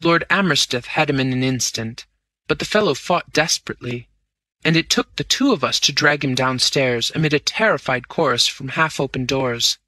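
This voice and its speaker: A man reading a classic story aloud in measured first-person narration. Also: medium pitch, pushed and bright, no room sound. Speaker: audiobook narrator.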